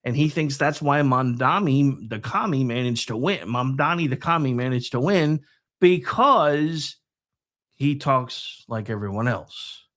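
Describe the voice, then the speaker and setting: A man hosting a political talk show, delivering a sarcastic, digressive commentary monologue that swings between loud and soft. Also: medium pitch, expressive, measured pace.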